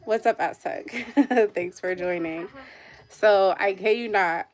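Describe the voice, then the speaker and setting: A woman's voice: medium pitch, slow pace, darkish tone. A young adult woman chatting on a livestream, telling a long story in a rambling, emotional way with lots of "like" and asides to viewers. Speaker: livestream host. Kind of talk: casual livestream chat.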